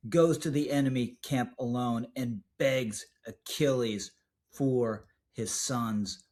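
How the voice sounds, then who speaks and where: A man giving scripted political video commentary, measured and emphatic, slowing down to stress key words. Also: medium pitch, a little mellow.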